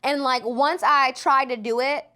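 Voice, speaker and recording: A woman's voice: high-pitched, fairly even intonation, a little slow, sharp tone. A young woman chatting casually as a podcast guest, telling stories with many fillers and laughs. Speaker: guest, content creator.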